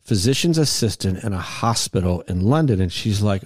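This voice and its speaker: Male podcast host, low voice, rambling storyteller, dry studio mic. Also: animated, brisk, darkish tone, dry recording. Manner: rambling, repeats words, acts out quotes. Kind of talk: casual storytelling chat.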